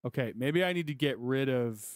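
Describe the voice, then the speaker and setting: A man talking to himself as he installs music software. He mutters, swears and gets frustrated as it keeps failing. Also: medium pitch, lively intonation, brisk, no echo, clean studio sound. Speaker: music producer vlogger. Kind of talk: casual screen-recording chat.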